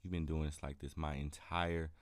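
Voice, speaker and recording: A man's voice: extremely low pitch, level tone, normal speed, no echo, clean studio sound. A young adult son in a heated argument with his mother, hurt and insistent, repeating himself to be heard.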